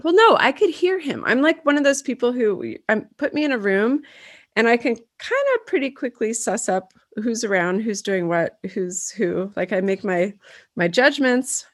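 A woman's voice: a little high, expressive, normal speed, dry recording, studio quality. A woman co-hosting a podcast over a video call, telling stories in casual chat and talking around a dental retainer. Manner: chatty storyteller, talks through a dental retainer. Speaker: podcast co-host.

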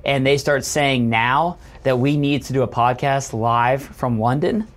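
A man's voice: mid-range voice, measured pace. Easygoing, teasing male podcast co-host. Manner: easygoing, teasing, laughs often. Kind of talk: casual sports podcast chat.

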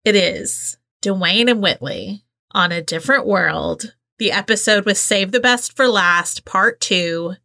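A woman's voice: medium pitch, takes it slowly, vocal fry. A woman co-hosting a podcast, chatting casually and telling stories with enthusiasm. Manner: enthusiastic, animated storytelling. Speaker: podcast co-host. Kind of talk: casual chat.

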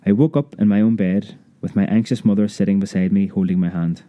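A man narrating a memoir audiobook in a measured, vivid storytelling manner. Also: fairly low pitch, steady tone, warm tone, dry recording.

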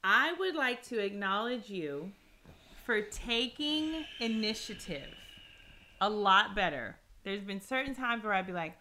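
A woman's voice: on the high side, normal speed, pushed and bright. A young woman, co-host with her husband, talking in a teasing, appreciative way in casual chat. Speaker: co-host, wife.

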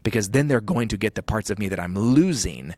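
A man's voice: on the low side, lively intonation, a little fast, darkish tone, no room sound, studio quality. A man in his thirties, a podcast guest talking in an earnest, reflective way with frequent restarts. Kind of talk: podcast conversation.

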